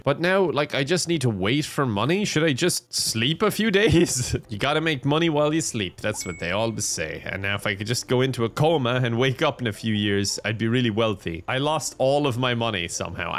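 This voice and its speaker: A man's voice: mid-range voice, big pitch swings, moderate pace. A young man giving sarcastic, joking commentary while playing a video game, laughing often. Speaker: gaming YouTuber. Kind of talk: casual gameplay commentary.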